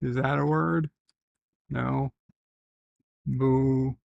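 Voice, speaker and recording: A man hosting a casual livestream from his bedroom, reading viewer comments aloud and thinking out loud as he goes. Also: mid-range voice, level tone, drawn-out words, vocal fry, no room sound, lo-fi sound. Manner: rambling, reads chat aloud, thinks out loud. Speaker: live stream host.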